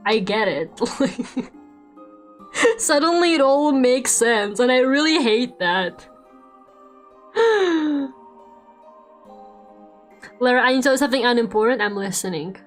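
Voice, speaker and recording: A woman streamer chatting casually while drawing, swearing freely and laughing often. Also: a little high. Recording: faint background music.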